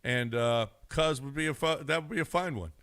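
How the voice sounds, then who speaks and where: A middle-aged man with a bright, forward voice chats casually on a sports radio show. He rambles, circles back over his words and laughs easily. The pitch sits in an ordinary middle range. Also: brisk, clear, resonant tone, dry recording.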